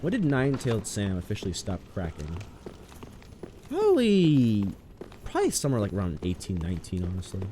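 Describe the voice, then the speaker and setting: A man's voice: fairly low pitch, wildly swooping pitch, a little fast. A man streaming a video game, rambling in casual commentary with sudden yelps. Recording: noisy stream recording.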